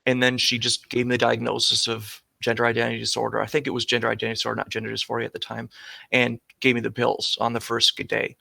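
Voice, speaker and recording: A man's voice: medium pitch, completely flat delivery, fast talker, vocal fry, bright, forceful tone, no room sound. A man speaking as a podcast guest, earnest and hesitant, often restarting his sentences. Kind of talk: casual conversation.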